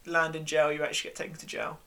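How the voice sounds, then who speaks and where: A man's voice: on the high side, monotone, racing, vocal fry, pushed and bright, clear, resonant tone. Chatty man with a lightly raised voice. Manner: chatty, rambling with restarts and fillers. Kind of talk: casual chat.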